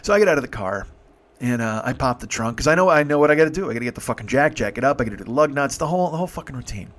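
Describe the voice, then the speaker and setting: A man in his fifties telling a story casually, swearing freely and stopping to restart his sentences. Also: medium pitch. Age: 50s. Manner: profane, halting, animated. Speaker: podcast host.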